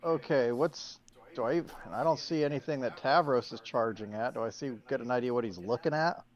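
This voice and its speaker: A man's voice: mid-range voice, brisk, dull audio. A man playing a tabletop game, talking casually and thinking aloud. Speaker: player.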